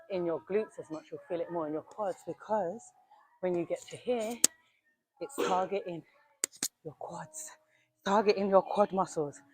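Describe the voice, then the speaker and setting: A young female fitness coach with a lowish, darkish voice leads a gym workout, talking casually and directly to viewers as "you lot." She's a little breathless as she demonstrates the moves.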